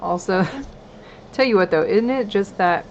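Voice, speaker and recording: A woman's voice: medium pitch, animated, a little slow, lo-fi sound, slight background noise. A woman chatting casually on a live stream, telling stories with lots of laughter. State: hoarse voice. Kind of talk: casual chat.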